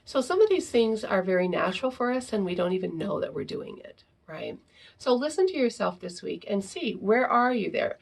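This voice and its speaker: A woman with a gravelly, slightly husky voice talks parents through a lesson in a relaxed, informal way. She keeps checking in with a quick "right?" after her points and now and then slips into acting out short example phrases. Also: mid-range voice. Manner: peppers sentences with tag question "right?"; acts out example phrases to children. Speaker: parenting educator and teacher. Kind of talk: informal teaching talk to parents.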